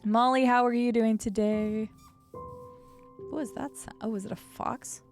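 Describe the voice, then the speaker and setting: A woman's voice: fairly high pitch, fairly even intonation, a little slow, soft background music. A woman streaming a game, chatting casually with her viewers and fellow players and laughing often. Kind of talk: casual gameplay stream chat.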